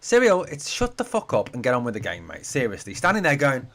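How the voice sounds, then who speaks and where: A man's voice: mid-range voice, huge pitch swings, a little fast, a bit bright. Casual man commentating a match live. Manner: chatty, swears freely, reads out viewer comments. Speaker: fan channel host doing a live watch-along.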